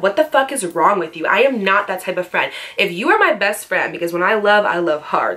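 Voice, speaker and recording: A woman's voice: on the low side, fairly bright tone. A woman in her twenties telling a personal story to her viewers, candid and profane, with lots of "like". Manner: candid, profane, heavy filler "like". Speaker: storytime vlogger. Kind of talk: casual storytelling.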